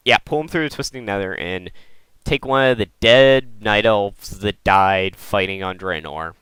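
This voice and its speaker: A man putting on a scheming male demon lord, loud and chummy, in a bright, crisp voice on a gaming channel. He barks casual orders to a minion. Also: fairly low pitch, measured pace, no echo.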